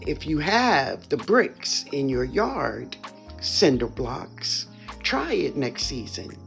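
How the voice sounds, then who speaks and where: A home gardener with a New Orleans accent, giving a casual, enthusiastic walk-through of their own backyard garden and often addressing viewers as "y'all.". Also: mid-range voice. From New Orleans, USA. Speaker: home gardener, channel host.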